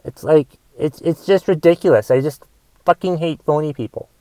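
A man's voice: fairly high pitch, moderate pace, warm tone, dry recording, low-quality recording. Profane, stammering man ranting on his podcast. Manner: profane, repetitive, frequent restarts. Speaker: podcast host. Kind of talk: casual monologue rant.

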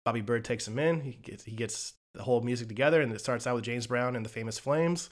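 Animated man retelling films casually. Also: medium pitch, fast talker. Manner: animated storytelling with quoted lines. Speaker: podcast co-host reviewing films. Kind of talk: casual chat.

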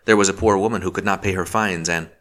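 A man's voice: sits low, steady tone, fast, a bit bright. A man reading the part of a chatty, fussy woman companion.

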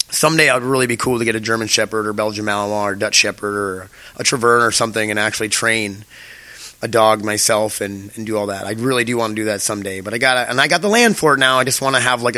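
A man's voice: fairly low pitch, sharp tone, no echo. A young man hosting his own podcast, chatting in a rambling, casual way with lots of fillers and swearing. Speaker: podcast host. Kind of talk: casual solo podcast chat.

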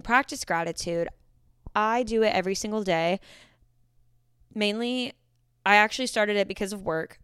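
A woman's voice: lowish voice, gravelly, smooth, no room sound, clean studio sound. A young woman in her twenties hosting a solo podcast, chatty and rambling, often correcting herself mid-sentence. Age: 20s. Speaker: podcast host. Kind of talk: casual solo podcast talk.

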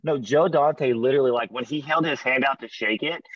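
A man chatting casually as a podcast co-host, relaxed and a bit halting, often stopping to restart his sentences. His voice sits at an ordinary middle pitch. The sound is dry and dull, like a cheap mic. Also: no echo. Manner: relaxed, halting, filler-heavy. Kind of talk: casual chat.

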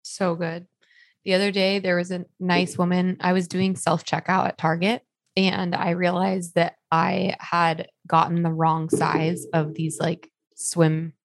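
Chatty woman with a gravelly low voice. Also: monotone, measured pace, no echo, studio quality. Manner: chatty, storytelling with many likes. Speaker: podcast co-host. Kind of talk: casual chat.

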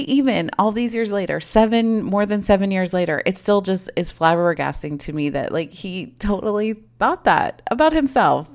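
Low, gravelly-voiced woman telling a story. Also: lively intonation, moderate pace. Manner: chatty, acts out quoted dialogue with lots of "like". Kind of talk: casual storytelling.

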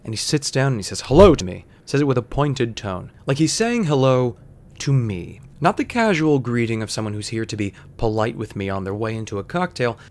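A young man telling a personal story in a wry, deadpan, conversational way. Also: mid-range voice, a little fast.

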